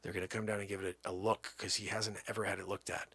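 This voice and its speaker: A middle-aged man making a comedic prank phone call, rambling and exasperated, swinging between low mutters and loud outbursts. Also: little pitch movement, fast, husky, dry recording. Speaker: prank caller.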